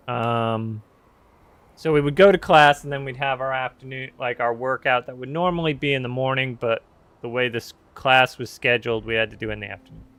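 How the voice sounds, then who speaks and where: A man's voice: mid-range voice, a bit bright, smooth, no room sound. A man telling a long story in casual chat while gaming, rambling with asides and self-corrections. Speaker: streamer and host.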